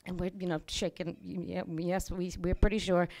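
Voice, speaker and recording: A woman telling a comic personal story on a small bar stage, animated and wry, with lots of "you know" fillers. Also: fairly low pitch, normal speed, slight background noise. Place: small bar stage before a live audience.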